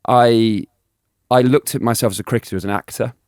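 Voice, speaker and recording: A man in his thirties telling animated stories as an interview guest, laughing and restarting often. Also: mid-range voice, a little fast, dry recording, clean studio sound. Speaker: guest, former cricketer. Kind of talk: casual storytelling interview.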